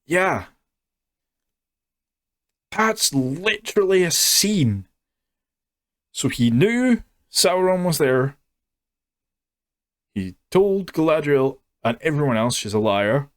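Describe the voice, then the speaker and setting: A man ranting through a sarcastic, mocking review at an unhurried pace. His voice sits at a middle pitch. The recording is dry and close. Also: big pitch swings, no room sound. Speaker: YouTube reviewer.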